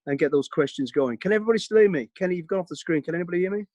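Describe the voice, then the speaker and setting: A man with a strong Brummie accent talks fast and with energy, in a voice a little higher than most men's. He sounds close and dry, speaking over a video call. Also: no echo. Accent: Birmingham. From Birmingham, England. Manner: energetic, quick, plain-spoken. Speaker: guest speaker. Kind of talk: informal talk on a video call.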